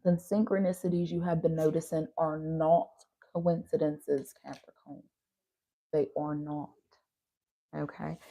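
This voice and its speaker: With a low, mellow voice and a level, unhurried tone, a tarot reader gives a casual reading in a slight Southern country accent. She's chatty and tired after driving overnight, calls her viewers y'all, and keeps tossing in "right?" asides.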